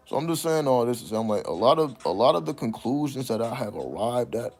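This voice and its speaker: A man telling stories in a casual, profane monologue, breaking into high laughing exclamations. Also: very animated, quick pace, few pauses, soft background music. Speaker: channel host.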